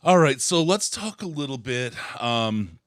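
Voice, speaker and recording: A man hosting a sports podcast in a casual, jokey, upbeat way, pitching the show's community between topics. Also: big pitch swings, measured pace, fairly bright tone, no room sound, studio quality. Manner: jokey, upbeat, plugs the show. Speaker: podcast host.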